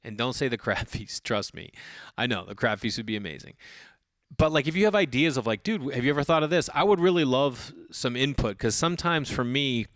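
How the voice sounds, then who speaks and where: Podcast host, man, thirties, middle pitch, rambling storyteller who swears freely, dry close sound. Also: brisk, dry recording. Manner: rambling, animated storytelling with swearing and many restarts. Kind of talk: casual solo storytelling.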